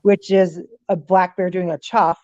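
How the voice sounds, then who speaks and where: A middle-aged woman, a guest on an interview show, telling lively stories, voicing animals' thoughts and dropping frequent ums. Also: fairly low pitch, a little slow, no room sound, lo-fi sound. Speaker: guest, paranormal author. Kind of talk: casual storytelling interview.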